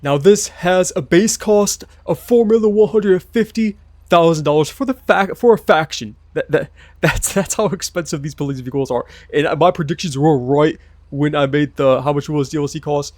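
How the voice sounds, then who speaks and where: A man's voice: on the high side, fairly quick, darkish tone, no echo. Chatty gaming YouTuber man, dry sound. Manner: chatty, talks straight to viewers. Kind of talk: casual gameplay commentary voice-over.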